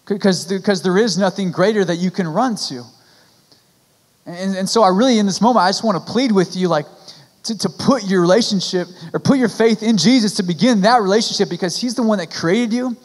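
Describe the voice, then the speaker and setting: High-voiced young pastor preaching. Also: male voice. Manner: earnest, pleading, frequent restarts and "like" fillers. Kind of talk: sermon. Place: church sanctuary. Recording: church hall with long reverb.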